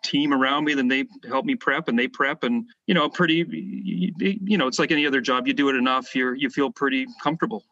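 A man's voice: mid-range voice, a little fast, hardly any pauses, lo-fi sound. A Canadian man, a former basketball player, telling stories as a podcast guest and acting out the voices of the people in them, with plenty of fillers. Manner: animated storyteller, acts out quoted voices, frequent fillers. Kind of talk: casual storytelling interview.

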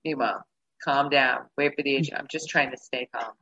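A low-pitched woman with a bright, forceful edge tells a story casually and acts out her own reactions. The recording sounds a bit dull and lo-fi. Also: brisk. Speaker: guest telling a travel story.

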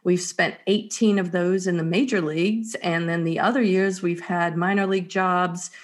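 A woman's voice: on the low side, fairly even intonation, moderate pace. A woman in her fifties from North Carolina with a Southern accent, telling stories as a guest in a casual interview. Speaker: guest speaker and writer.

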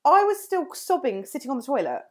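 A woman's voice: high-pitched, wildly swooping pitch, fairly quick. Chatty self-mocking woman. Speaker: podcast co-host. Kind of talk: casual chat.

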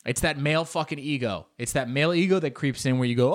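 A young man delivering a profane, animated comic monologue, acting out bits in high put-on voices. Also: fast. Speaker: comedian. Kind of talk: stand-up style comic monologue.

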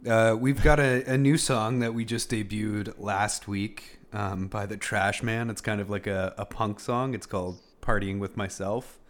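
A man's voice: on the low side, steady tone, unhurried, few pauses. Male podcast host, laid-back, hesitant, lots of fillers, casual chat.

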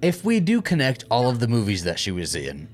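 A man co-hosting a casual film commentary podcast, sarcastic, jokey and quick to swear. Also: medium pitch, huge pitch swings. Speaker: podcast co-host.

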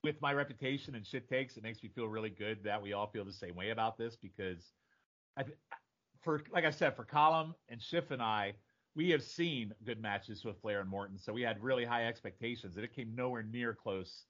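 A man's voice: on the low side, brisk, a bit bright. A man hosting a casual podcast chat, talking bluntly and swearing freely. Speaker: podcast host. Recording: dull lo-fi audio.

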